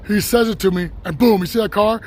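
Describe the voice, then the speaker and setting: A man live-streaming as he walks a city street, talking loudly and excitably, laughing and swearing often. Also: high voice, fast talker. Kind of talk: casual live-stream vlog. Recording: noisy street with passing traffic. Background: traffic noise.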